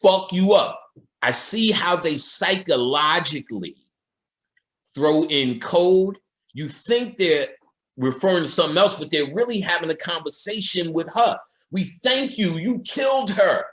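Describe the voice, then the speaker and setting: A man's voice: a little high, expressive, unhurried, fairly bright tone. A man giving a casual, profane commentary on a film, talking straight to his viewers as an occult lecturer.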